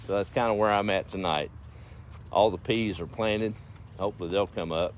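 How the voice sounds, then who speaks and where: A man's voice: lowish voice, unhurried, long pauses, a little hiss or hum. A man telling folksy stories in a laid-back, chuckling way, outdoors in his garden. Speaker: storyteller. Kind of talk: folksy storytelling.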